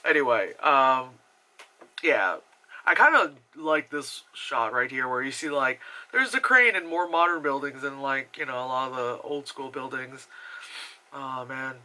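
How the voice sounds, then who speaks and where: A man's voice: medium pitch, measured pace. A young man from New Jersey with an American accent, doing casual, profane voice-over commentary on his own travel footage and laughing often. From New Jersey, USA. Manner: casual, swears freely, laughs often, animated impressions. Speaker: vlogger.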